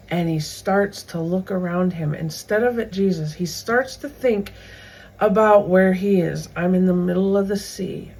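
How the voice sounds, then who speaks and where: A woman's voice: mid-range voice, creaky, husky, poor audio. A woman hosting a faith video series, teaching a Bible story in a conversational way with many asides. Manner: conversational, retells scripture in everyday words with many asides.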